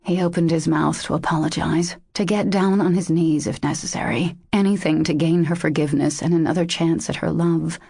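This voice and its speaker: A woman narrating a romance audiobook in a measured, intimate way. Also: deep voice, steady tone, creaky, darkish tone, breathy edge, dry recording, studio quality.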